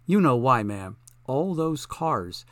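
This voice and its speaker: A male narrator voicing a loyal male chauffeur who answers in a calm, steady way. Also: mid-range voice, slow, dry recording.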